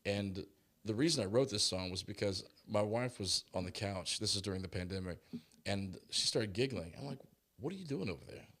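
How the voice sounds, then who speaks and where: Low-pitched male musician guest, lively storyteller, casual and chatty. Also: moderate pace. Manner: animated storyteller, acts out quotes. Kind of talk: casual interview chat.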